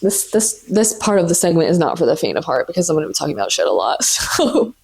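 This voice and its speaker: Woman, twenties, lowish voice, casual solo podcast, sweary, filler-heavy chatter. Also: sing-song, fast talker, creaky, a little mellow, breathy edge. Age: 20s. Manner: chatty, profane, many "like" fillers. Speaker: podcast host. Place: sitting on the floor at home.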